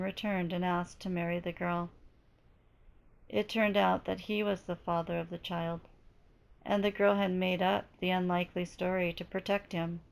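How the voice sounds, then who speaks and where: A woman giving a slow, deliberate spiritual teaching while she is losing her voice. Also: lowish voice, gravelly. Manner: slow, deliberate, measured delivery. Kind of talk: slow reflective spoken teaching.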